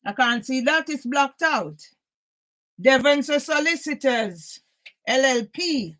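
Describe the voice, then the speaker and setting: A woman's voice: high-pitched, expressive, takes it slowly, fairly bright tone, low-quality recording. A woman giving an angry, emotional monologue to camera, swearing heavily and repeatedly asking "yeah?", close to tears at times. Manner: agitated, heavy swearing, keeps asking "yeah?". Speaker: vlogger.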